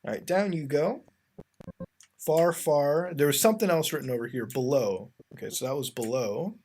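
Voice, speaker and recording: Male online host with a somewhat high voice, rambling and exasperated commentary, heavy on fillers, talks straight to the audience. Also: normal speed. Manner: addresses the audience as ladies and gentlemen. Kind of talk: casual web-browsing commentary.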